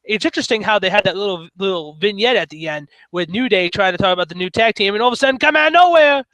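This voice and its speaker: An excitable man jokes and tells stories in a casual podcast chat. His voice sits high for a man and sounds bright and forceful. The recording is dry, with no room echo. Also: quick pace. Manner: excitable, jokey storyteller. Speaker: podcast co-host.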